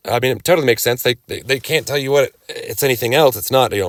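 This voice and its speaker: A man's voice: medium pitch, fairly bright tone, dry recording. A man lecturing casually from slides, rambling with restarts, sarcastic asides and occasional coughing. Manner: rambling, halting restarts, coughs and throat clearing. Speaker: cannabis rights lecturer.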